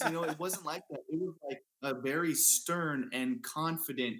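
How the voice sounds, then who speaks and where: A man's voice: fairly high pitch, fairly even intonation, normal speed, hardly any pauses, fairly bright tone. A man speaking as an interview guest, telling a personal story in an earnest, casual way with many fillers and restarts. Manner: earnest, repeats himself, lots of fillers. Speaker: guest athlete. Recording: roomy echo.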